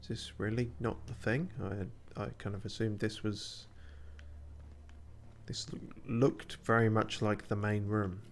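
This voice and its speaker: A man's voice: lowish voice, little pitch movement, unhurried, creaky, a little hiss or hum. A man streaming a video game, giving casual running commentary in a dry, sarcastic mutter. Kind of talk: casual let's-play commentary.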